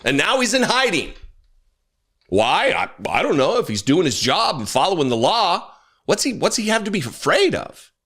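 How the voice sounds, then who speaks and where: A man rants through his own political commentary show, his pitch leaping all over the place. His voice is bright and forceful, and he talks with blunt, profane anger and quick asides. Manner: angry, animated, swearing, quick asides.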